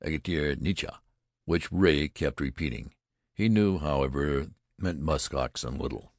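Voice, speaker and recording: Man, audiobook narrator, measured dramatic delivery, very low voice, dry close recording. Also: a little mellow, no room sound.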